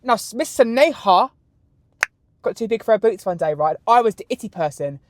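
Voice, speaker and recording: Crude, animated British man. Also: sits high, normal speed, a little hiss or hum. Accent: British English. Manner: animated, crude, camp storytelling. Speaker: podcast host. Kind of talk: solo podcast answering questions.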